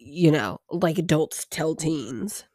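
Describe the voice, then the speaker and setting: A woman's voice: low-pitched, lively intonation, slow, gravelly, mellow, dry recording, studio quality. A young woman hosting a podcast, casually recapping a TV episode in a chatty, irreverent way, swearing freely and sighing now and then. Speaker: podcast host.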